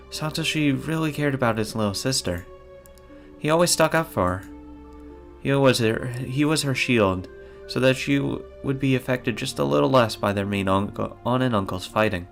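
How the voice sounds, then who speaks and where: A man voicing a sweet, gentle teenage girl who speaks softly and pleadingly while reading a visual novel aloud. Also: mid-range voice, vocal fry, voice pushed up.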